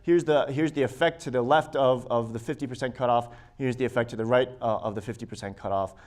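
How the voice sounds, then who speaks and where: A man presenting his research to a conference session at a mid-range pitch. He talks through slide figures step by step and often stops and restarts his phrases with small fillers. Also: fairly even intonation, quick pace, a little mellow. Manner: hesitant, with frequent restarts and fillers; walks listeners through slides and results.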